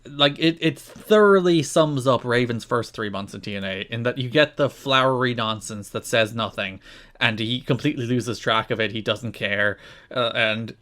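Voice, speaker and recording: A man co-hosting a podcast in casual chat, retelling events in an animated, exasperated way. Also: medium pitch. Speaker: podcast co-host.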